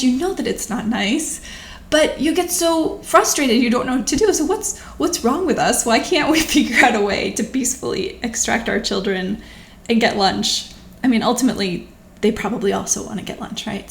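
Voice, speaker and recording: A woman speaking to camera in a thoughtful, conversational way, gently coaching listeners. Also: medium pitch, vocal fry. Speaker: physician hosting her own video channel. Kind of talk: reflective talk to camera. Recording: echoey room with faint background noise.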